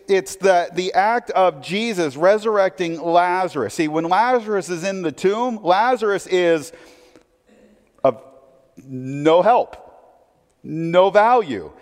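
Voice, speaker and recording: Guy preaching a sermon, lively up-and-down voice, tosses questions at the crowd, big reverby hall. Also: high-pitched. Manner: conversational preaching with rhetorical questions. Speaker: pastor.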